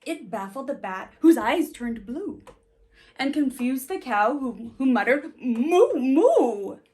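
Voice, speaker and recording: A woman reading a children's picture book aloud in an animated, sing-song way, stopping to ask her young listeners questions. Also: high-pitched, unhurried. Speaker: storybook reader.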